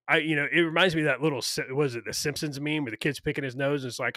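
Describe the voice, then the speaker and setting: A man's voice: fairly high pitch, fast, hardly any pauses, bright, forceful tone, no echo, studio quality. A man co-hosting a podcast in casual, opinionated chat, ranting with lots of fillers and profanity. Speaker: podcast co-host.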